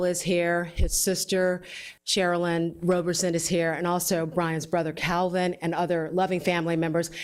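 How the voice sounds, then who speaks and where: A woman introducing the victim's family at a press conference in a polite, brief way. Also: fairly low pitch. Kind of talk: introducing speakers.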